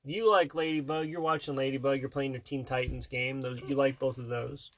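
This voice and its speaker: Low-voiced playful woman asking questions. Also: steady tone, fairly quick. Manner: playful, asks lots of questions; laughs often mid-sentence. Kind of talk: casual chat.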